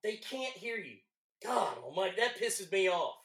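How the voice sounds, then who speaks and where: A man from Texas with a Texas accent, a longtime radio host chatting loudly on a podcast, swearing and stumbling over restarts. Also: sits high, sing-song, normal speed, echoey room. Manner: loud, profane, stammering restarts. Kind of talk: casual podcast chat.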